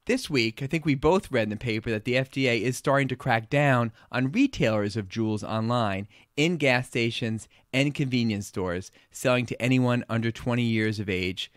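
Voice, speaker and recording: A man with a Long Island accent talks through teen health news as a pediatric co-host. He is blunt and opinionated. His voice sits in a middle pitch, and the recording is dry and close with almost no room sound. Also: normal speed, hardly any pauses, no room sound. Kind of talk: casual health talk.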